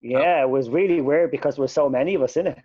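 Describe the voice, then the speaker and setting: A man's voice: on the high side, fast talker, dry recording, lo-fi sound. A man co-hosting a casual podcast chat, a chatty storyteller who mimics others. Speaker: podcast co-host.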